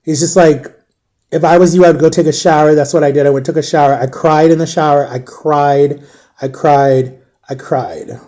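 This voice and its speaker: A young man telling his own painful story, halting and repeating himself, close to tears at times. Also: on the high side, little pitch movement, dark tone, highs cut off. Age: young adult. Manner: halting, repeats himself, acts out quoted voices. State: emotional, near tears. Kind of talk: personal storytelling.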